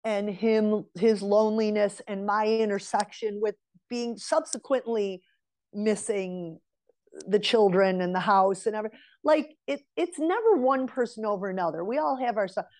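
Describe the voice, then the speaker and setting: A woman's voice: mid-range voice, unhurried, darkish tone. A woman in her forties, a guest on an interview, telling a personal story and giving earnest advice straight to women listeners. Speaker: interview guest, relationship mentor. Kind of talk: casual conversational storytelling.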